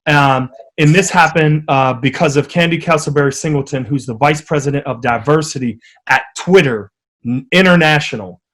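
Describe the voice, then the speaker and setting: A man from the United States, a podcast guest telling stories in a lively, animated way during a casual interview. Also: a little high, normal speed. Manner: animated, vivid storyteller.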